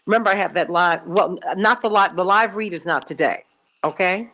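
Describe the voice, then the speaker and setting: A woman's voice: fairly low pitch, normal speed, sharp tone. A middle-aged woman from Chicago hosting a call-in radio show, telling a personal story emphatically and repeating herself for stress. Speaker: radio talk show host.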